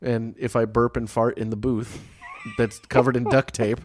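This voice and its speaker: A man's voice: mid-range voice, flat delivery, normal speed, a little mellow. A man co-hosting a podcast in casual crude banter, swearing and laughing as he tells stories. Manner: profane, laughing storyteller. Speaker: podcast co-host. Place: basement.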